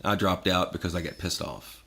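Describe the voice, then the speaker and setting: A man in his forties, a podcast guest telling stories in an animated, profane casual chat. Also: low voice, normal speed, breathy edge. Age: 40s.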